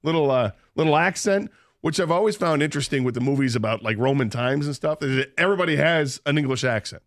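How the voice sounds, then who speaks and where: A man's voice: fairly high pitch, lively intonation, quick pace, dry recording, clean studio sound. A man hosting a radio show, telling a story in casual banter and laughing often.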